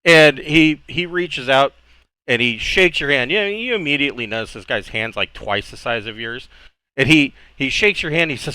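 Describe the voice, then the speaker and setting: Man, game master. Bright, crisp voice, halting delivery full of fillers. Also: mid-range voice, animated, no room sound. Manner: halting, many fillers and restarts. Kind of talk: narrating a tabletop game.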